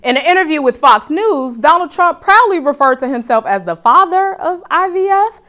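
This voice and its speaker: A woman's voice: high-pitched, lively intonation, moderate pace, fairly bright tone. Woman, talk show host, comedic monologue, joking, calls crowd y'all, live studio audience.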